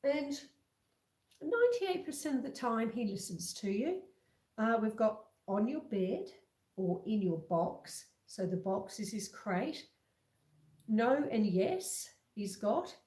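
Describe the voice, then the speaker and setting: A woman hosting a casual home livestream, chatting slowly with viewers and reading out their comments. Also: fairly high pitch, sing-song, mellow, reverberant. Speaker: livestream host. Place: home kitchen. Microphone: computer webcam.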